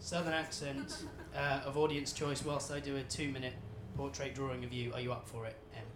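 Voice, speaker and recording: A man's voice: medium pitch, level tone, a little fast, echoey room, noisy background. A man from England in a live audience, reading a submitted question aloud and stumbling over words. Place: comedy venue with live audience.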